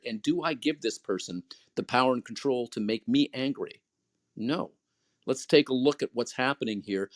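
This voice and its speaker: A man talking in a reflective, motivational way, as a host leading a chat room. His voice sits at an ordinary pitch. The sound is dry and close, with no room around it. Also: no echo. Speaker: podcast host. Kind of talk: casual talk in an audio chat room.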